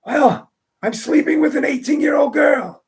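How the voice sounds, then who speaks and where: A man's voice: very high-pitched, normal speed, recorded from a distance, pitched above the performer's own voice. A man voicing a cheeky eighty-year-old man confessing to a priest in a told joke, with a raised, exclaiming delivery.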